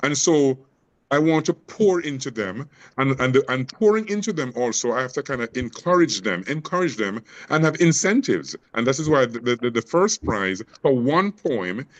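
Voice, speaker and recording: A man's voice: mid-range voice, expressive, moderate pace, low-quality recording. A man from Jamaica with a Jamaican accent blended with Canadian, talking passionately as a poet and educator in an interview, often stumbling over repeated words. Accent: Jamaican mixed with Canadian. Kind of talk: interview conversation.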